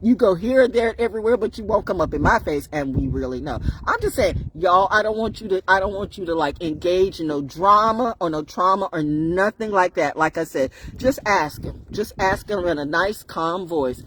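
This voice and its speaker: A woman's voice: on the low side, expressive, normal speed, hardly any pauses, fairly bright tone, slight background noise. A woman talking on a live stream in a rambling, preachy monologue, riffing with laughs and bursts of song.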